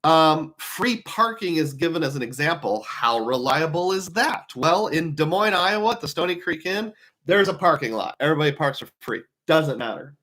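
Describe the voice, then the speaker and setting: Man, casual live talk, slightly high voice, musing, rhetorical questions. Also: expressive, normal speed, bright, forceful tone. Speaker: travel rewards commentator.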